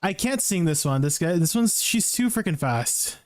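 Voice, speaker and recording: A man's voice: a little high, expressive, normal speed, a little mellow, dry recording, studio quality. A man live streaming, chatting casually with his viewers and reacting to the music he sings along with. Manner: chatty, talks to chat while singing along to music.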